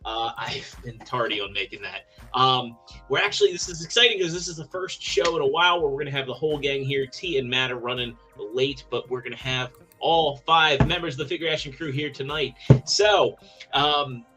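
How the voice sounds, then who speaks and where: A man with a bright, forceful voice opens a live podcast, upbeat, and asks viewers to subscribe. Faint music plays behind him. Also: mid-range voice, a little fast. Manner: upbeat, plugging the channel. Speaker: podcast host. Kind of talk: show opening.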